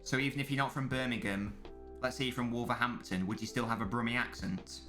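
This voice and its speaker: A man's voice: medium pitch, steady tone, quick pace, bright, forceful tone, soft background music. A man hosting a live football watchalong stream, chatting casually with viewers and commentating on the match in a rambling way. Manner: rambling, chatty, many restarts, reads chat aloud.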